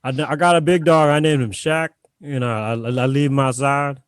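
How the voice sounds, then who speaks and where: A man's voice: medium pitch, steady tone, smooth, dry recording, clean studio sound, lightly acted. Man doing a rambling brash basketball analyst. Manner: halting, rambling. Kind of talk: comedy podcast impression.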